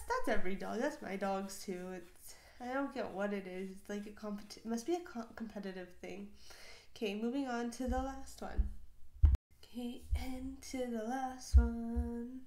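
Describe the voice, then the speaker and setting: A woman's voice: fairly high pitch, a little mellow. A woman hosting a casual reaction video, gushing over animal clips with lots of exclamations and giggles. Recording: roomy echo.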